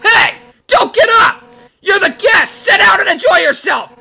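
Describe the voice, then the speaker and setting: A woman's voice: on the high side, very animated, moderate pace, sharp tone, voice pushed up, heavily acted. A woman voicing a fierce, hot-tempered female fish warrior who talks in a brash, boastful way. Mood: shouting.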